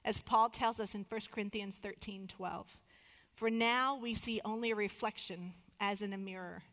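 Woman in her 30s giving a sermon, earnest and measured, medium pitch, long echo off the walls. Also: fairly even intonation, fairly bright tone. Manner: earnest, measured, slows for emphasis. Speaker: preacher.

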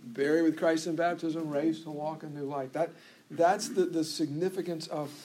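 A man's voice: fairly high pitch, steady tone, normal speed, darkish tone, a little hiss or hum. A pastor preaching a conversational sermon to his church, with frequent restarts and asides.

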